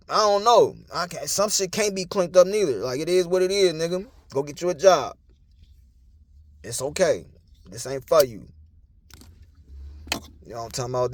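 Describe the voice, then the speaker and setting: A man's voice: a little high, dry recording. A young man, talking in a blunt, profane, preachy casual monologue. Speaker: commentator.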